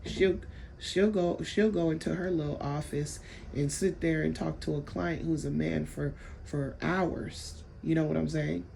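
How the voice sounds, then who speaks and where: A woman's voice: deep voice, steady tone, unhurried, gravelly, warm tone, a little hiss or hum. A woman telling a story in a casual, blunt way, swearing freely and repeating herself as she vents. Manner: rambling, repeats words while telling a story. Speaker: vlogger.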